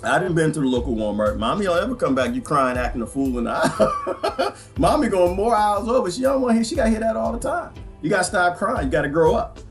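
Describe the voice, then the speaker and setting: A man hosting a rambling livestream monologue, animated and joking, laughing often. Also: high-pitched, quick pace, faint music behind.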